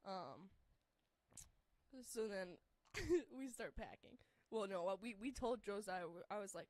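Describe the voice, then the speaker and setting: A woman's voice: medium pitch, lively intonation, a little fast, a little mellow, no room sound. A young woman telling a story casually, rambling and filling her talk with "like". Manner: rambling, heavy use of "like", laughs through the story.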